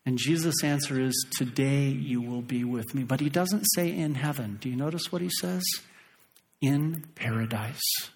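A middle-aged man preaching a sermon as pastor, animated and acting out voices for emphasis. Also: mid-range voice, moderate pace, hardly any pauses.

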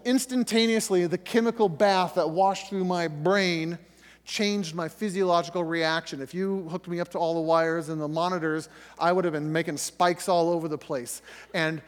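A middle-aged man teaching a sermon to a group in a conversational way, acting out prayers and correcting himself as he goes. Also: high voice. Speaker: pastor. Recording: reverberant hall recording.

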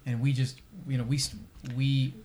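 A man's voice: medium pitch, level tone, normal speed, darkish tone. A man co-hosting a podcast, talking through philosophy in a thoughtful, wry way with many restarts. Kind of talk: casual discussion of apologetics.

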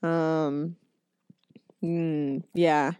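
A woman co-hosting a casual chat, swearing freely, laughing often and bursting into loud excitement. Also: deep voice, very slow, smooth, no room sound. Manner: profane, laughs often, animated outbursts. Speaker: podcast co-host.

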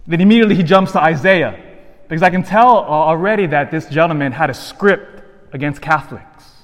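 A Catholic priest delivers a sermon in a somewhat high voice. He tells a personal story earnestly and acts out each side of the conversation. His words ring out with the long reverb of a church. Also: brisk.

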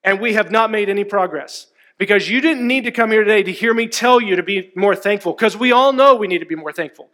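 A man's voice: sits high, a little fast, a bit bright. A man preaching a sermon, emphatic and asking his congregation questions. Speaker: pastor.

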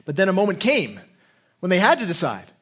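A man's voice: high voice, wildly swooping pitch, fairly quick, slightly rough. Earnest man preaching a sermon. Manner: earnest preaching with frequent restarts, dropping to a quiet storytelling voice. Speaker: pastor.

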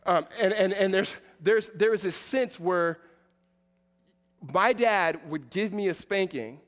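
A man in his forties preaching a sermon in a conversational way, with many fillers and restarts, moving between loud emphasis and quiet asides. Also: high voice, long reverb tail. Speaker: pastor.

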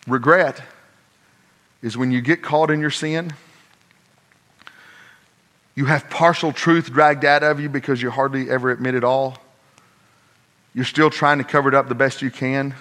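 A man preaching a sermon, telling a personal story, moving between hushed asides and loud, emphatic points. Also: mid-range voice, fairly even intonation, a little slow, long pauses. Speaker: pastor.

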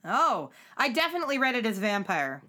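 Animated woman recapping a show. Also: fairly high pitch, brisk. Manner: animated, acts out character lines in put-on voices. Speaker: podcast co-host. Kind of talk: casual recap chat.

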